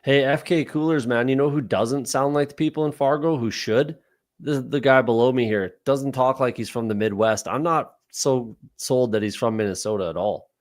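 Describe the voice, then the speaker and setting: A man's voice: mid-range voice, moderate pace. Teasing, foul-mouthed Canadian-accented guy for a casual fantasy football stream. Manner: joking, profane, teasing. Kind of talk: casual chat on a live stream.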